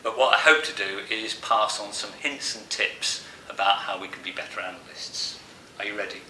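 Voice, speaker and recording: Guy giving a talk, chatty and jokey, lowish voice, faint hiss in the room. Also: moderate pace, pushed and bright, roomy sound, far from the mic, rough recording. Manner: jokey and conversational, asks the audience questions. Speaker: masterclass presenter. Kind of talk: live conference talk. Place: conference room with an audience.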